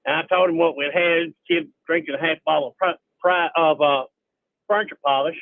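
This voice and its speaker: A man's voice: fairly high pitch, steady tone, brisk, creaky, no echo. An older man calling into a radio show, telling a story in a plain, matter-of-fact way. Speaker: caller. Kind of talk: phone-in storytelling. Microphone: phone. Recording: tinny phone line.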